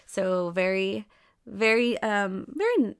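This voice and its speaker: A woman's voice: mid-range voice, slow pace, clear, resonant tone. A woman co-hosting a podcast in casual chat, chatty and full of fillers, often acting out what she and her friends said. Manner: chatty, full of fillers and quoted self-talk. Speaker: podcast co-host.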